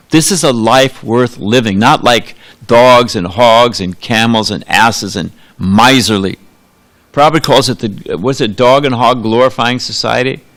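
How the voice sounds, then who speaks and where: A man delivers a sermon in a temple hall, with a voice of ordinary middle pitch. He talks casually and loosely, with frequent restarts and side remarks as he tells a story to his listeners. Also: fairly bright tone. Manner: conversational, rambling with asides and restarts. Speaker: preacher.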